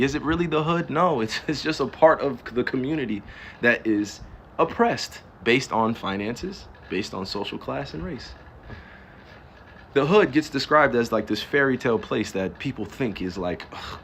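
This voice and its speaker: A man's voice: medium pitch, fairly bright tone, a little hiss or hum. Impassioned man ranting on a live stream. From New Jersey, US East Coast. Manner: emphatic and ranting, with rhetorical questions, profanity and laughs. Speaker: livestreamer. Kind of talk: casual live-stream monologue.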